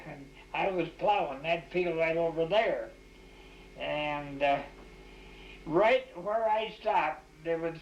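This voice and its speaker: Gravelly older man spinning folksy tales. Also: a little high, a little hiss or hum. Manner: folksy, full of restarts and "you know". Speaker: oral history interviewee. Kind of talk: rambling folksy storytelling. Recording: echoey, dull 1989 tape recording.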